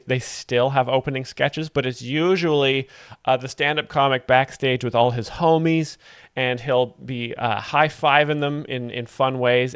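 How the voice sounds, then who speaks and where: A man gives mock-serious joke explanations in a deadpan voice, hesitating often with ums. The recording is close and dry, with no room sound. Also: medium pitch, smooth, dry recording. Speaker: comedy host explaining jokes.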